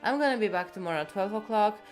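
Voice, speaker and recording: A woman's voice: medium pitch, animated, fast, soft background music. A woman game streamer chatting casually, rambling and swearing freely. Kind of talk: casual chat.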